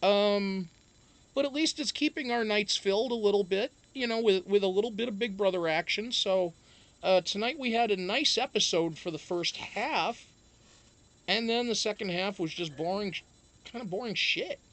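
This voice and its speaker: A man's voice: high-pitched, normal speed, fairly bright tone. A man hosting a live-stream show, chatting casually, rambling and swearing as he greets viewers by name.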